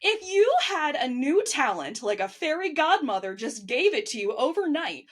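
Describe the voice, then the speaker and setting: A woman hosting an interview podcast in a high voice that swoops all over. She asks her questions in a bubbly, teasing way, as if running a quick-fire game. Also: sing-song. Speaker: podcast host.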